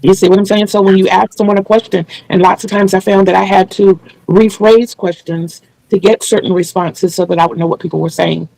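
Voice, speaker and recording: A woman's voice: medium pitch, fairly even intonation, a little fast, gravelly, hardly any pauses, a little mellow, dry recording, poor audio. A woman hosting a casual video interview, speaking earnestly and explaining things at length with small restarts. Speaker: channel host interviewing a guest.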